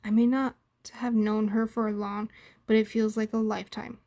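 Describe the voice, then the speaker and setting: Nervous young male pastor, timid and hesitant, as a woman reads him, mellow voice. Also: a little high, little pitch movement, normal speed, lightly acted.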